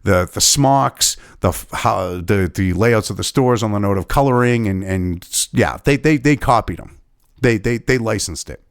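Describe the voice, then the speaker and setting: A man's voice: on the low side, moderate pace, dry recording, studio quality. A man from New Hampshire giving angry, sarcastic, profanity-laden political commentary.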